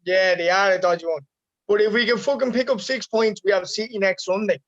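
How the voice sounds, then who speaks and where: A high-voiced man gives firm opinions in casual football talk and swears often. The recording is dull and lo-fi. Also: brisk, a bit bright. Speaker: podcast co-host. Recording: dull lo-fi sound.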